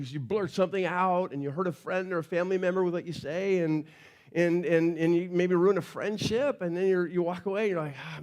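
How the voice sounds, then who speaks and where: Male pastor, higher-pitched voice; sermon delivered like storytelling, hushed on the key lines. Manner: conversational storytelling, drops to quiet emphasis.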